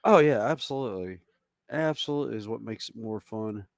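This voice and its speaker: A man's voice: fairly low pitch, a little fast, vocal fry, no echo, studio quality. Man with a Southern American accent. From southern United States. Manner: storytelling, animated anecdotes. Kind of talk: casual chat.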